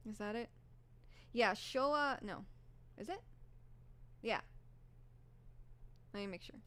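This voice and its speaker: A young woman streamer in casual live-stream chat, rambling and gushing with lots of fillers, her voice a bit hoarse. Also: fairly high pitch, slow, fairly bright tone.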